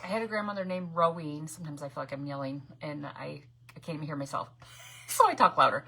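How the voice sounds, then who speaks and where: A middle-aged woman chats casually with viewers during a live craft stream from her home craft room, laughing often and greeting people by name. Her low voice is creaky and quick, and the recording is very noisy.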